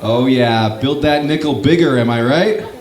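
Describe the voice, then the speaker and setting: A man's voice: medium pitch, normal speed. A young Canadian man from Northern Ontario doing stand-up comedy, bantering with the audience in a casual, swearing, self-mocking way. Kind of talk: stand-up comedy with crowd work. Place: comedy club with a live crowd. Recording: echoey room, live crowd.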